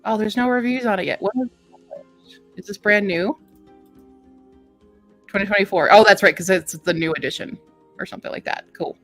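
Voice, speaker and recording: A woman's voice: medium pitch, fairly quick, pauses often, fairly bright tone. Casual female book host, giggly, reads blurbs aloud, faint music under. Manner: chatty, laughs often, reads aloud. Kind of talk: casual chat.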